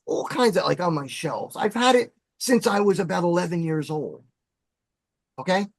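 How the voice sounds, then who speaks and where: A man telling a story as a podcast guest, animated and dramatic in his delivery. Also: on the high side, dry recording. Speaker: podcast guest, former bassist. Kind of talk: storytelling in casual chat.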